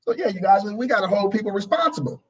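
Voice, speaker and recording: Speaking quickly and expressively, a man with a high-sitting, breathy voice preaches through a political commentary monologue on his talk show. He repeats phrases and plays both sides of the argument himself, captured in a low-quality recording.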